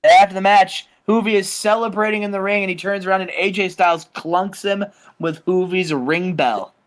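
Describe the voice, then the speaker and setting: A young man casually narrating a wrestling booking game, rambling and animated. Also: high voice, moderate pace. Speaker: game show co-host.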